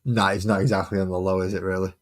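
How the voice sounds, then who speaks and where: A man's voice: sits low, flat delivery, fast. A man streaming his miniature painting, chatting casually and muttering sarcastic asides to himself as he works. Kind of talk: casual chat while painting.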